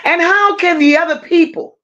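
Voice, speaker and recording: This woman's voice is extremely high and a bit bright, heard through a muffled recording. Hosting a true-crime livestream, she rants confrontationally and emphatically, hammering her stressed words and stopping to thank chat viewers.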